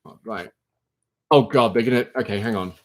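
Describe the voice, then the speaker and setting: A man hosting a casual livestream, chatting playfully and answering viewers' comments aloud, with sudden high exclamations. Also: normal speed. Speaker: livestream host.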